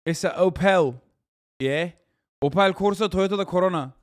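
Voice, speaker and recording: A man hosting a stream, reacting to a show in loose, profane, animated chat. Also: high voice, normal speed, dry recording, studio quality. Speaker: streamer host.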